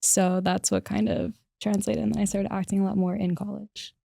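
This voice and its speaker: A woman from Massachusetts, an actress guest, talking in a calm, matter-of-fact way in a casual podcast chat. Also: medium pitch, moderate pace, vocal fry, no room sound, clean studio sound. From Massachusetts, outside Boston.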